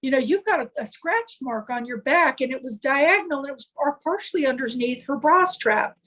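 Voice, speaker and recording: A woman's voice: high-pitched, animated, fairly quick, a bit bright, low-quality recording. A middle-aged woman guest telling a personal story in an interview, earnest and rambling, with many restarts and fillers. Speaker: guest, paranormal consultant.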